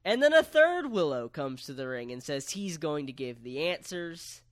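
A man co-hosting a podcast, recapping a story in relaxed casual chat with lots of fillers. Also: a little high, moderate pace, dry recording. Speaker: podcast co-host.

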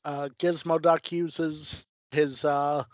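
A man's voice: on the high side, level tone, slow, no echo. Laid-back man on a dry lo-fi mic. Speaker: podcast co-host. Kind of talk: casual chat. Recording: dry dull lo-fi audio.

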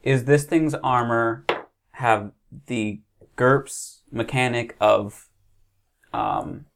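A man's voice: medium pitch, very slow, gravelly, noisy background. A man playing a tabletop game, hesitant and thinking aloud as he asks about rules and counts damage. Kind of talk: casual chat.

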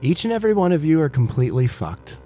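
A man's voice: fairly high pitch, sing-song, fast, mellow, soft background music, pitched above the performer's own voice. A man voicing a blunt, grim adult woman federal agent in a tabletop game.

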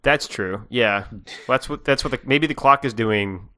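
A man's voice: mid-range voice, a little slow, sharp tone. A man co-hosting a podcast, chatting in an easygoing way, agreeing and adding wry quips. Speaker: podcast co-host. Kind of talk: casual chat.

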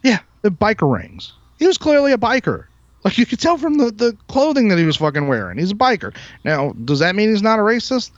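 A podcast host, a man with a somewhat high-pitched voice, rants heatedly and swears constantly. His delivery is emphatic and combative. The recording sounds muffled and lo-fi, with a dry, close sound and no room echo. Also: sing-song, a little fast. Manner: heated, profane, emphatic ranting. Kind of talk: ranting podcast monologue.

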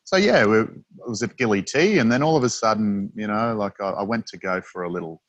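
A man's voice: on the low side, lively intonation, fairly quick, lo-fi sound. A man with an Australian accent, a freediving instructor, chatting casually as an interview guest and rambling through his stories with many fillers and restarts.

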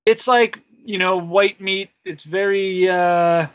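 A man's voice: sits high, fairly even intonation, takes it slowly, a bit bright, no room sound, muffled recording. A man on a podcast as a guest, telling a rambling, self-deprecating story full of fillers. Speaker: podcast guest, wrestler and musician. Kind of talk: casual interview storytelling.

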